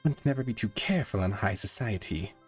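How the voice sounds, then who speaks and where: A man's voice: fairly low pitch, lively intonation, fast, slightly rough, soft background music. A man voicing a refined female fashion-designer pony, affected and fond of saying darling. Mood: prim. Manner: uppity, affected, calls everyone darling.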